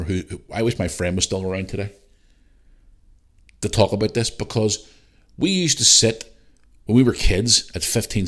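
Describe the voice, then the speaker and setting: A man's voice: lowish voice, fairly bright tone. A middle-aged man hosting a podcast, ranting bluntly and heatedly with lots of swearing. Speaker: podcast host. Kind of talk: casual ranting monologue.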